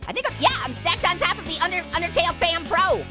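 A gaming channel host voices a hyperactive, giggly talking orange in a cartoon let's-play, squealing and joking through close calls over game music. His squeaky, high, nasal voice is giddy and full of constant giggles, with lively intonation and a quick pace.

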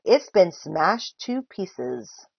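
A woman's voice: fairly high pitch, very animated, measured pace, breathy edge, no echo, lo-fi sound, heavily acted. A woman voicing a small, upset panda boy who wails and whines in a storybook reading. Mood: wailing. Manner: wailing, whiny.

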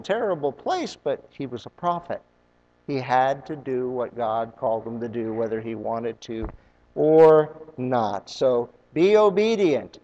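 A man preaching a sermon as pastor, animated, acting out the voices of biblical figures and rising high when he gets excited. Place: church sanctuary. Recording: dull lo-fi sound with long hall reverb.

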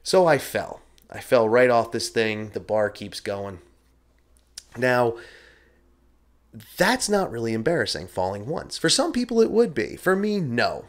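A podcast host tells a first-person story in a casual, rambling, self-deprecating way, swearing freely. His medium-pitched voice swings widely in pitch, and he speaks a little slowly.

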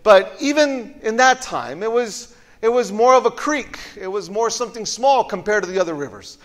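A male pastor delivering a sermon in a church auditorium, telling the story animatedly and often doubling back on his words. His voice sits high and carries a long hall reverb. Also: moderate pace. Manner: animated storytelling with frequent word repeats.

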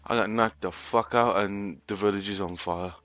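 A man giving casual let's-play commentary, sweary and sarcastic, reacting out loud to what happens in the game. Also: on the low side, fairly even intonation, moderate pace, lo-fi sound, a little hiss or hum. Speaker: gamer.

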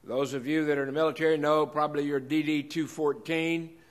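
A man's voice: a little high, fairly even intonation, brisk. A man hosting a live show, folksy and direct, giving announcements to the audience in the room. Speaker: host.

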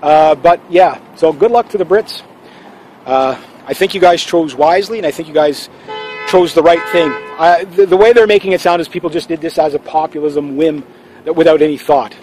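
A man with a notably high voice rambles through a casual opinion vlog in a forceful, opinionated way. He talks outdoors, and faint traffic and city ambience sit in the background. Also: normal speed, low-quality recording. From Canada. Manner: assertive, rambling, with fillers and restarts. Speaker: channel host.

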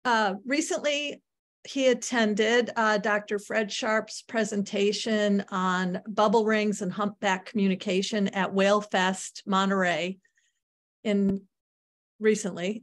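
A woman's voice: mid-range voice, steady tone, takes it slowly. A woman hosting a video call talk, reading audience questions aloud with hesitant fillers.

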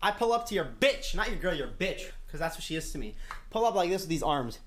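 A young man streaming, telling stories in a casual, animated way and swearing heavily. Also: a little high, fast. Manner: profane, animated, heavy swearing.

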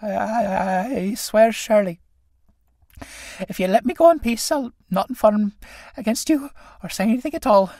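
A man voicing an enraged older priest in a play reading, shouting shrill threats. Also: moderate pace, long pauses, no echo, clean studio sound. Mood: frightened.

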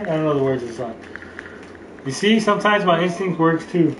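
A man's voice: on the high side, expressive, brisk, long pauses, recorded from a distance, background noise. Joking man commenting on a game. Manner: joking, rambling, reads game text aloud. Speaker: let's play host. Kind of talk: casual gameplay commentary. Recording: roomy sound from off-mic, game music. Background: game music.

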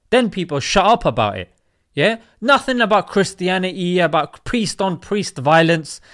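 Man, high voice, very animated, emphatic commentary, rhetorical questions. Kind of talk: opinion monologue on current events.

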